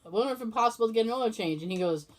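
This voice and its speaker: Woman podcast host, lively pitch, casual storytelling, blunt and swearing. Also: rapid-fire, a little hiss or hum. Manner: animated storytelling, acting out both sides of conversations. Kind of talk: casual chat.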